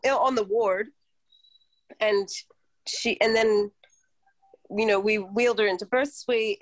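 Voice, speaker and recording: A woman midwife and podcast host telling a work story in an earnest, reflective, lively way. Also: mid-range voice, dry recording, rough recording. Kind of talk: casual chat, storytelling.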